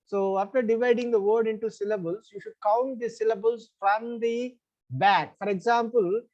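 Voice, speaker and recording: A man's voice: high voice, fairly even intonation, moderate pace, darkish tone, highs cut off. A man with an Indian English accent teaching an online English class. He explains the rules step by step, repeats them, and checks that the students follow. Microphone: online class call.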